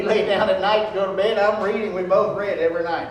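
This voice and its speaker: A man's voice: sits high, fairly even intonation, fast talker, hardly any pauses, muffled recording, slight background noise. An older man preaching a personal, conversational sermon as the pastor of a church. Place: church sanctuary. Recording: echoey church, distant mic.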